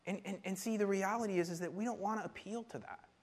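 A man preaching a sermon and teaching from scripture, animated, laughing often and repeating words as he goes. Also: high voice, fast talker, husky. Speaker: pastor.

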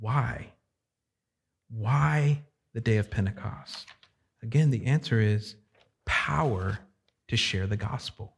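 A man preaching a sermon as a pastor, in a conversational, animated way that keeps putting questions to the congregation. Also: mid-range voice, slow pace, creaky, long pauses, slightly rough.

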